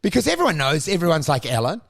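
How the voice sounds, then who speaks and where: A man riffs through crude, rambling rants on a comedy podcast. His voice sits unusually high and carries a gravelly rasp. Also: huge pitch swings, quick pace. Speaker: podcast co-host. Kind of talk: casual comedic chat.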